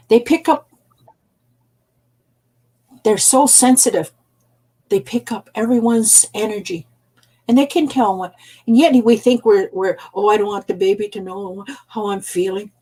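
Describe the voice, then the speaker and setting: An older woman, an elder storyteller, teaching gently in a soft, unhurried way and repeating phrases for emphasis. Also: medium pitch, slightly rough, poor audio.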